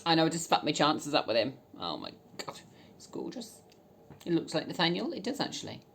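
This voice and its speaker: A woman with a strikingly deep voice that leaps up and down as she talks. She is cheeky and bawdy, swears freely and breaks into loud laughs, with a faint hiss of room noise behind her. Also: huge pitch swings, fairly quick, gravelly. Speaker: vlogger. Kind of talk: casual chat reading dating messages aloud.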